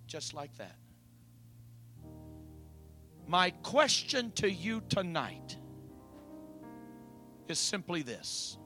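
Dramatic man preacher, slow delivery, bright tone, storytelling sermon. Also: fairly high pitch. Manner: animated, dramatic, questioning the listeners.

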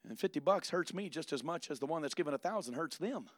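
A man preaching a sermon, moving from quiet asides to loud, fervent preaching. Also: fairly high pitch, lively intonation, quick pace, no echo.

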